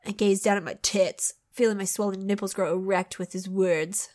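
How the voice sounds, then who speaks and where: A woman's voice: medium pitch, fairly even intonation, moderate pace, darkish tone. A woman co-hosting a comedy podcast, reading a raunchy book aloud with giggles and mock disgust. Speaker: podcast co-host.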